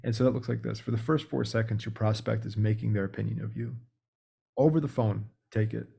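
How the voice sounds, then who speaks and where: A man, a guest on a podcast, explaining sales techniques in a relaxed, practical coaching way. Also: on the low side, fairly quick, gravelly, slightly rough. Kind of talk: casual explanatory interview talk.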